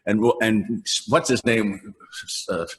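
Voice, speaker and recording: A man's voice: on the low side, fairly even intonation, slow. An older man, a voice actor guest, telling rambling stories in a casual interview, laughing often and acting out lines. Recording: long reverb on the voice.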